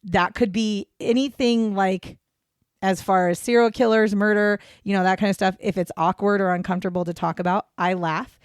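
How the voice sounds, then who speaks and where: A woman's voice: mid-range voice, steady tone, moderate pace, clean tone, no echo, studio quality. A woman co-hosting a casual true-crime podcast, rambling and self-deprecating, breaking into giggles as she talks. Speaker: podcast co-host.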